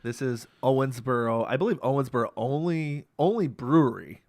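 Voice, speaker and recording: A man's voice: mid-range voice, normal speed, a little mellow, no echo, clean studio sound. A man from the United States, co-hosting a podcast in an enthusiastic, playful way. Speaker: podcast co-host. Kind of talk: casual chat.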